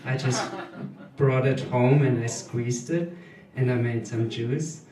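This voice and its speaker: A German man in his thirties with a German accent, doing a hesitant, deadpan stand-up comedy set full of ums. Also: medium pitch, slow pace, far from the mic, a little hiss or hum. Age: 30s. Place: small live comedy venue. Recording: echoey room, voice off-mic.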